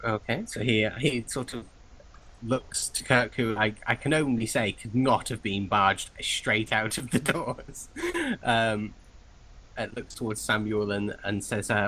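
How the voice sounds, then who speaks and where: A man's voice: lowish voice, steady tone, a little slow, bright, forceful tone, poor audio. A man narrating as game master, casual and hesitant with many fillers.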